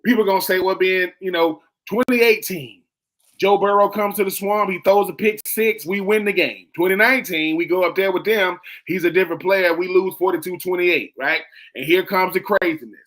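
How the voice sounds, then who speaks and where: A young man talks sports with a noticeably high voice. He is emphatic and animated, hammering points by repeating them. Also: normal speed. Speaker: co-host. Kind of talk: sports talk radio chat.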